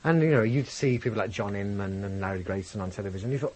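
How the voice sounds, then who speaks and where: Interview guest: deep, husky man, posh English accent, reflective and animated. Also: fast, hardly any pauses, poor audio. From England, grew up in Birmingham. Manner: reflective, animated storyteller, lifts voice for quotes. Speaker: guest, comedian and impressionist. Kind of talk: candid interview chat.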